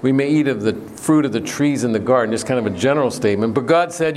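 A man preaching an earnest sermon in a plain mid-pitched voice, pressing on key words and putting questions to the congregation. A faint hum sits behind him. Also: fast talker, few pauses, darkish tone.

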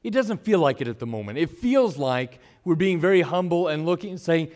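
A middle-aged man preaching a sermon to his congregation, earnest, swinging between full emphasis and soft, quiet asides. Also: on the high side, lively intonation, fairly quick, hardly any pauses. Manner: earnest, varies loudness widely, drops to soft asides. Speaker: pastor.

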